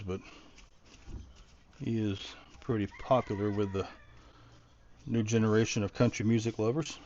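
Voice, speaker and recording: A man's voice: fairly low pitch, darkish tone, muffled recording. A middle-aged man casually talking through a DIY project, thinking aloud and rambling with frequent restarts. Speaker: DIY vlogger.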